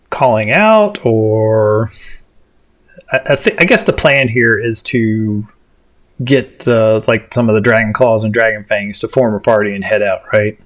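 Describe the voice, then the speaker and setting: A man running a tabletop game as game master, rambling with lots of ums and restarts. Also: lowish voice. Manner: rambling, many fillers and restarts.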